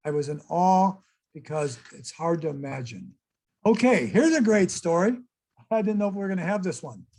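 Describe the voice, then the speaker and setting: A man's voice: sits high, a little mellow. An older man giving a casual, chatty slideshow talk and exclaiming to his audience as presenter. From United States.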